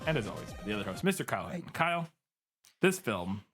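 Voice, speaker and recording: A man's voice: on the low side, big pitch swings, fast, a bit bright, soft background music. A man hosting a podcast about bad movies, chatting casually, swearing freely and laughing often. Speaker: podcast host.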